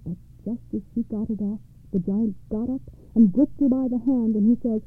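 Brief: female storyteller reading fairy tales, slightly high voice, tinny phone-like audio. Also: fairly even intonation, moderate pace, no room sound.

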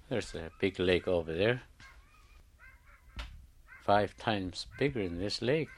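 Man, very low voice, oral folktale, plain unhurried telling. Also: animated. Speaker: storyteller. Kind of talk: traditional oral storytelling.

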